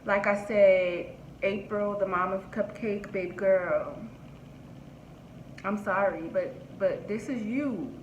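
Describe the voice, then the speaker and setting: A woman's voice: medium pitch, slow pace, a little hiss or hum. A woman vlogger giving blunt, outspoken commentary, swearing freely. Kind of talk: casual commentary. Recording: echoey room, dull lo-fi sound.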